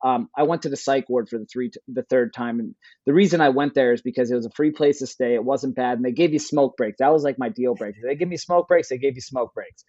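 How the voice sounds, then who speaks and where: A man's voice: medium pitch, fast, warm tone, no echo, muffled recording. A young adult man, a podcast guest, telling a candid personal story in a casual, plain-spoken way with many fillers.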